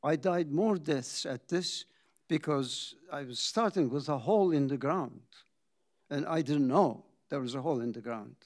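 An older man, a company founder, tells his story in a reflective talk, pausing for drama and acting out the conversations he recounts. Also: on the high side, a little mellow. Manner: dramatic pauses, acts out quoted dialogue.

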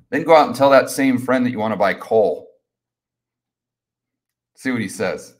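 A middle-aged man hosting a live stream Q&A in a casual, energetic ramble. He stumbles over repeated words as he keeps pushing ahead, at a middle pitch. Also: normal speed, pauses often. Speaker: host.

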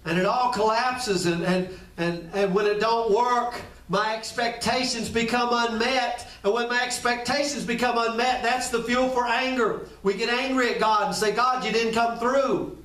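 A man's voice: very high voice, steady tone, normal speed, hardly any pauses, fairly bright tone. A man preaching a sermon as pastor, conversational, repeating phrases and speaking straight to his listeners. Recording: echoey room, distant from the mic.

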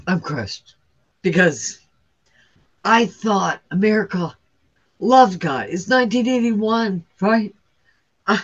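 A woman's voice: mid-range voice, muffled recording. A woman guest earnestly recounting her near-death experience, intense and emotional, often restarting her sentences. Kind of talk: emotional first-person storytelling.

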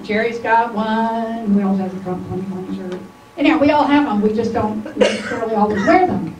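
A high-voiced woman chairs a meeting in a chatty, loose way. Her voice comes from a distance, echoing in the room over a clear hiss. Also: brisk, a little mellow. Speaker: meeting moderator.

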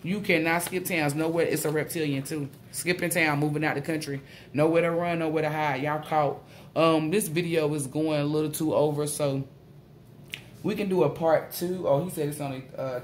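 A woman doing a casual spiritual tarot reading, excitable and blunt, swearing freely. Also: deep voice, moderate pace, slight background noise. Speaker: tarot reader.

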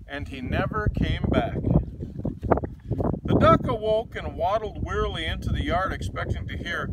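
A man hosting a children's show, reading a picture book aloud outdoors in a rural spot with chatty asides between pages, loud wind noise on the mic. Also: sits high, expressive, normal speed.

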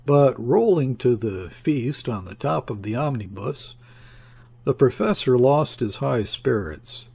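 A man narrating a classic novel as an audiobook in a measured, even reading. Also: medium pitch, vocal fry, slightly rough. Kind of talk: scripted narration.

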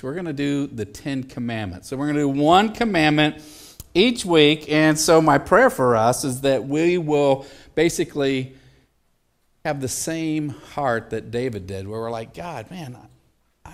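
A middle-aged male pastor preaching a sermon in a loose, joking, conversational way, often asking the congregation questions. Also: mid-range voice. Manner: conversational, jokey, asks the audience questions. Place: church sanctuary.

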